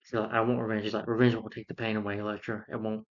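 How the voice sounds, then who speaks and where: A man's voice: lowish voice, flat delivery, rapid-fire. A man recapping a film plot in a casual, rambling way, with many fillers and restarts. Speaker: film reviewer. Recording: dull lo-fi sound.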